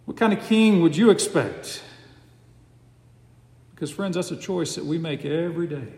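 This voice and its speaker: A man preaching a sermon with a slow, emphatic cadence and dramatic pauses, recorded in a large church sanctuary. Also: fairly high pitch, lively intonation, darkish tone. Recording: echoey hall with long reverb.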